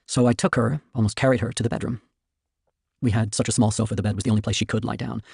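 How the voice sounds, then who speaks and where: Fast gravelly man reading aloud. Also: lowish voice, steady tone, darkish tone, no echo, studio quality. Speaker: streamer reading a novel. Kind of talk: casual reading aloud of a novel.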